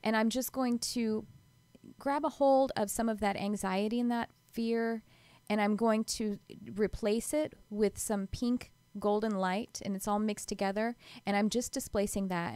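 A woman's voice: mid-range voice, darkish tone, smooth, no room sound. A woman giving live psychic readings to callers on a call-in show, talking soothingly and calling them sweetheart and honey.

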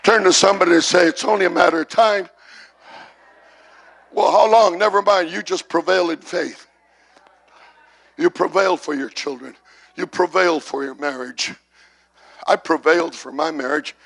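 Middle-aged male pastor, high and gravelly, repetitive call-and-response sermon delivery. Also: moderate pace, pauses often. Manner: repetitive call-and-response preaching, builds to shouts. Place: church service.

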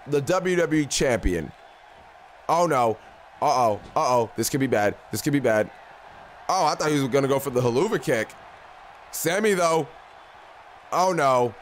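A young man giving casual, excitable play-by-play commentary on a video game, talking slangily to the characters on screen. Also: medium pitch, moderate pace, long pauses, a little hiss or hum. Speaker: gaming YouTuber.

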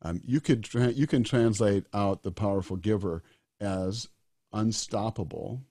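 A man's voice: fairly low pitch, unhurried, mellow, no echo, studio quality. A man in his sixties, a disaster doctor as a guest, talking earnestly and emphatically and repeating his key phrases. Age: 60s. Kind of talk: earnest interview talk.

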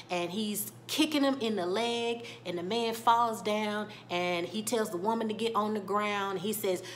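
A woman vlogger recapping a TV episode in casual speech, retelling scenes with lively quoted lines. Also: mid-range voice, moderate pace, few pauses, slight background noise.

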